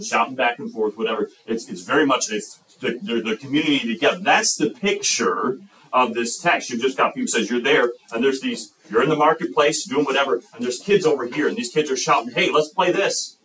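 A man's voice: mid-range voice, fast talker. A man from the United States preaching a sermon, telling a story and acting out voices and sounds as he goes. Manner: animated storyteller, acts out voices and sound effects. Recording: roomy, from a distance.

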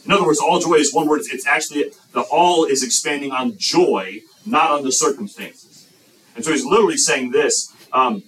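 A man preaching a sermon as pastor, lively and emphatic, breaking into excited shouts. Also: mid-range voice, normal speed, far from the mic, rough recording.

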